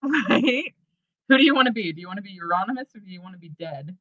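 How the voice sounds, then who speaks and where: A woman's voice: medium pitch, expressive, fast talker, a bit bright, no echo. A woman co-hosting a podcast in casual chat, who swears often and laughs easily. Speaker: podcast co-host. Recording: dull lo-fi podcast mic.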